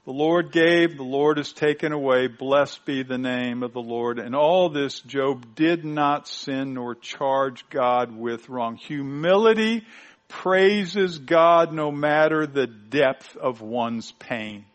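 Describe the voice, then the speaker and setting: A man preaching a sermon, stressing points loudly and then dropping to quiet asides. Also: slow. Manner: emphatic, swinging from loud high stresses to quiet low asides.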